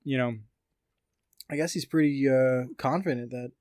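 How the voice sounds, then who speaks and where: A man with a medium-pitched, slightly mellow voice talks at normal speed in a dry, studio-quality recording. Co-hosting a casual podcast, he rambles through fight news with plenty of fillers, reading quotes aloud.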